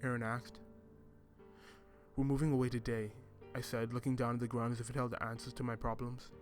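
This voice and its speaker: A man reading a first-person story in a measured, reflective way. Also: mid-range voice, monotone. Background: music.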